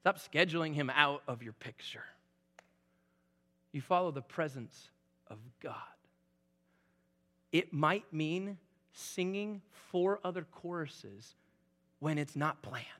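A man in his forties preaching a sermon as a pastor, conversational and animated, rising to loud emphasis. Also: on the high side, slow, pauses often. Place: church sanctuary. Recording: echoey church hall.

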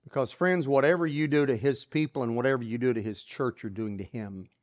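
A preacher giving a sermon, retelling a story dramatically and dropping to hushed whispers, often repeating words while building a scene. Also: medium pitch, a little fast.

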